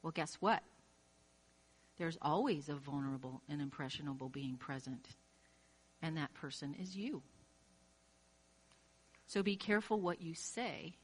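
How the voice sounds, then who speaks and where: A woman's voice: on the low side, a bit bright, breathy edge. Emphatic woman preaching to her listeners. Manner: emphatic, direct address to listener; acts out quoted inner voices. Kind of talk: sermon.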